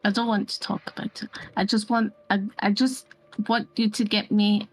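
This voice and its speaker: A woman's voice: medium pitch, level tone, moderate pace, no room sound, close to an everyday voice. A woman playing Gerta, a distraught young woman who pleads and insists shakily in a tabletop role-play. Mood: insistent. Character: distraught young woman, frightened and craving drink.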